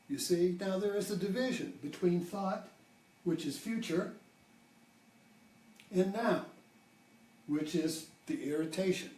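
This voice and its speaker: A man's voice: high voice, takes it slowly, long pauses, a little mellow, far from the mic. An older man giving an informal spiritual talk, rambling and restarting his sentences often. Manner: rambling, with many restarts and fillers. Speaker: spiritual teacher. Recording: roomy, from off-mic.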